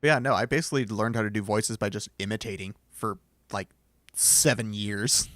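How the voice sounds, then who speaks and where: A man's voice: lowish voice, fairly even intonation, moderate pace, a bit bright, dry recording, studio quality. A man streaming from home, chatting casually with his viewers in a rambling, self-deprecating way.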